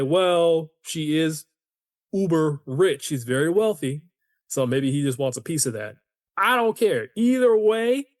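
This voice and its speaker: A man hosting a solo podcast, ranting in an animated, opinionated way and talking to his listeners as "y'all". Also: high-pitched, no echo, studio quality. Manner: conversational, addresses listeners as y'all. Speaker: podcast host.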